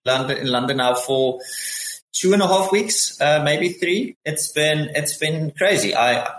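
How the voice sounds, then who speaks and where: A man's voice: on the high side, lively intonation, unhurried, fairly bright tone, echoey room, poor audio. A man with a South African accent, chatting casually as a podcast guest and repeating words as he restarts sentences. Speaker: podcast guest, former Survivor player. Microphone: headset.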